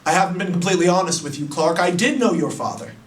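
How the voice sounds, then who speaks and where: A smug, grandiose alien warlord who confides his schemes with self-satisfied ease, as a man puts him on while pitching a story. His voice rings back in a roomy space, picked up from a distance. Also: quick pace, natural voice. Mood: scheming.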